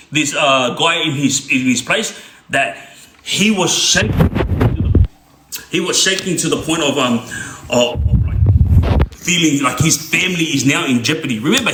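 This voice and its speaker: A man's voice: on the high side, bright, forceful tone, reverberant, slight background noise. A man telling a crime story casually, streetwise, often checking in with "yeah?". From Australia. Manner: streetwise, repeats "yeah?" to listener.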